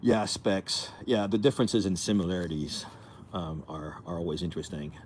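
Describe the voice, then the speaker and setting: A man from France with a light French accent, chatting casually with viewers in a halting, rambling way, sitting outdoors in the cold after a workout. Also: low voice, fairly even intonation, darkish tone, slight background noise. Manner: rambling, halting, many restarts and fillers. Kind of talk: casual livestream chat with viewers.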